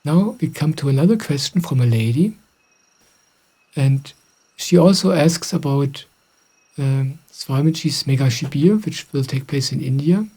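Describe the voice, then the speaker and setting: A middle-aged man, a spiritual teacher, calmly answering questions in a gentle, reflective way. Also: a little high, measured pace, husky. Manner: gentle, reflective, soft-spoken. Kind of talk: calm satsang answering questions.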